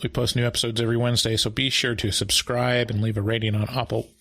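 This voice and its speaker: A man's voice: medium pitch, level tone, fast, a bit bright, dry recording, studio quality. A man co-hosting a horror movie podcast, reading show announcements and sponsor plugs in an easygoing way. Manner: easygoing, reads plugs and listings. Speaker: podcast co-host. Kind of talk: casual chat and show announcements.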